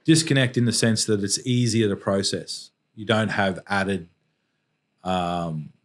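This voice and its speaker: A middle-aged Australian man, a podcast guest, telling a painful personal story in a halting, reflective way with many restarts. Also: fairly low pitch.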